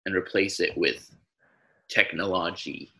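A young man with a husky, bright-edged voice spins ridiculous fake facts with a straight face. He talks slowly and stops often to hunt for words. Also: sits low, poor audio. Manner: deadpan, spins absurd made-up facts with filler pauses. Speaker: podcast co-host. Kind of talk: casual comedic chat.

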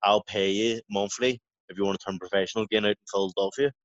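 Low-voiced man telling a rambling story. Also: steady tone, quick pace, no echo. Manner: rambling, swearing, full of restarts. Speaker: guest, professional boxer. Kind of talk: casual storytelling interview. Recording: dry, dull lo-fi audio.

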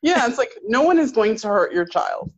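A woman's voice: a little high, very animated, moderate pace. Opinionated woman co-host, dull sound. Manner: emphatic, opinionated, repeats points. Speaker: podcast co-host. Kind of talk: casual TV recap chat.

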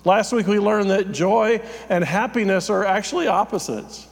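A man's voice: sits high, moderate pace, gravelly, long reverb tail. A man, a pastor, giving a conversational, self-deprecating sermon with frequent fillers.

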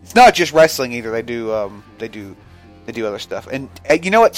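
A male podcast co-host talks in a loose, rambling way, full of swearing and jokes. His pitch sits in the middle range. Faint music plays behind him. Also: big pitch swings, brisk. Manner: rambling, profane, joking. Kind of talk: casual chat.

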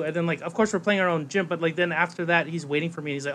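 A man's voice: fairly high pitch, fast talker. A man with a Hawaiian accent on a podcast, rambling eagerly with many "like"s and "um"s. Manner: rambling, lots of "like" and "um", animated storytelling. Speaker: podcast co-host. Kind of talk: casual chat.

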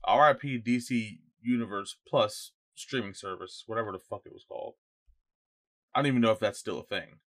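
Co-hosting a podcast, a young man jokes around loosely and swears a lot. His voice sits low yet sounds bright and forceful, and he keeps a brisk pace.

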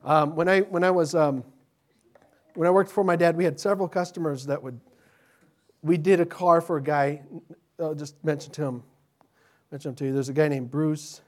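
A middle-aged man, a pastor, telling stories to children in an animated, chatty way, often restarting his sentences. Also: on the high side, moderate pace, pauses often. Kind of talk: children's sermon storytelling.

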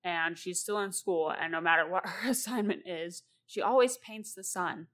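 A woman's voice: lowish voice, normal speed, a bit bright. A woman host and novelist talking casually and at length about writing, rambling and laughing often.

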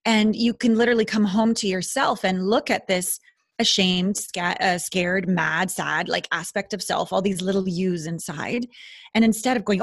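A woman guest on an interview podcast, talking in an earnest, expressive, spiritual way with sudden bursts of emphasis. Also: mid-range voice, moderate pace, no room sound, clean studio sound. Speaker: guest intimacy expert.

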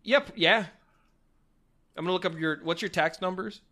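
A man's voice: high voice, normal speed, sharp tone. A young man in casual chat with friends, rambling and teasing, full of likes and restarts.

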